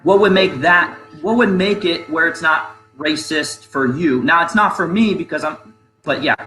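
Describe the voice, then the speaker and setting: A man's voice: on the high side, normal speed, sharp tone, reverberant, soft background music, rough recording. A man hosting a casual discussion, rambling and restarting his sentences as he poses questions. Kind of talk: casual debate chat.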